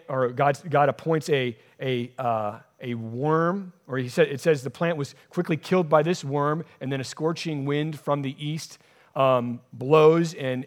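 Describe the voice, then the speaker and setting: A man preaching a sermon as a pastor, driving his points home by repeating key phrases. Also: medium pitch.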